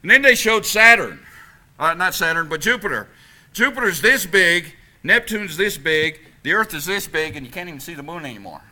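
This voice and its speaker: A man preaching a sermon as pastor in a church, animated and emphatic, swinging from loud peaks to quiet passages. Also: high-pitched, normal speed. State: out of breath. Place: church sanctuary.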